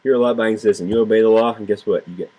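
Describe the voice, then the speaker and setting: A man's voice: lowish voice, fairly even intonation, rapid-fire, warm tone, a little hiss or hum, poor audio. A man giving heated, sarcastic political commentary, repeating himself and swearing freely. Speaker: political vlogger. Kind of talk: ranting political commentary to camera.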